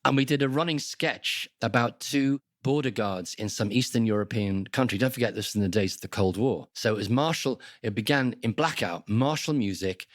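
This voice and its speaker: An older man with a softened Liverpool accent, telling wry, lively anecdotes as an interview guest. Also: medium pitch, brisk, few pauses, no echo, studio quality. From Liverpool, England. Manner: lively storyteller, wry, animated asides. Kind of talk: conversational anecdotes.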